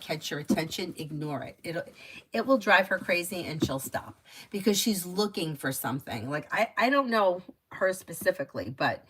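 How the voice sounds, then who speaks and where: A woman's voice: on the low side, breathy edge, low-quality recording. Chatty woman giving tarot readings. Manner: chatty, advice-giving, frequent filler "like". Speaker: tarot reader. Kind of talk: casual live-stream reading.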